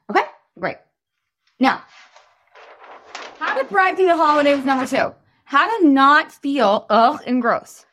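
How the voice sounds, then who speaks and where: Woman in her 30s giving a pep-talk style coaching session, chatty, bouncy pitch, lots of "like". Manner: animated, chatty, lots of fillers; breaks into voices for quotes. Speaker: weight-loss coach.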